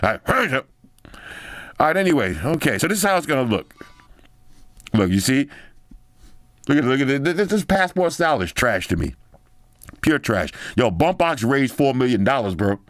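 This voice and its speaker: A man's voice: medium pitch, sing-song, normal speed, pauses often, no echo. A man hosting a tech video, chatting casually while he scrolls a phone, slangy and loose, thinking aloud as he goes. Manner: slangy and chatty, drops in "yo" and "bro".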